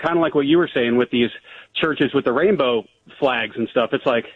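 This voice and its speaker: A man's voice: medium pitch, normal speed, breathy edge. A man calling in to a radio show, talking casually and rambling with fillers over a phone line. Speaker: caller. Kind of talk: phone-in call.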